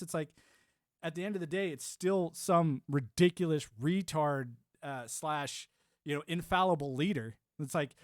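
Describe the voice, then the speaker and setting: A man's voice: a little high, moderate pace, no room sound, studio quality. A man in his forties ranting on a live stream, rambling and swearing, with lots of "you know". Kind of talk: ranting monologue.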